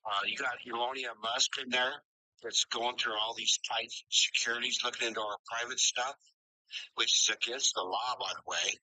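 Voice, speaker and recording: A man's voice: medium pitch, steady tone, moderate pace, bright, forceful tone, no room sound, rough recording. A man in his sixties calling in, earnest and worried, speaking plainly. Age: 60s. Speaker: caller. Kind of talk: casual call-in chat.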